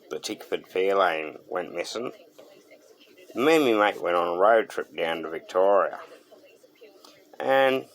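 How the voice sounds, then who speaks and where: A man with an Australian accent, hosting a car channel and telling a story in laid-back, slangy talk. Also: low voice. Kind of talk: storytelling to camera.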